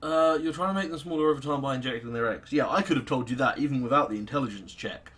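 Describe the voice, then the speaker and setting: A man's voice: medium pitch, fast, a bit bright, breathy edge. British man giving sarcastic game commentary. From Britain. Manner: sarcastic, swears freely, mutters to himself. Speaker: let's play host. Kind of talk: casual gameplay commentary.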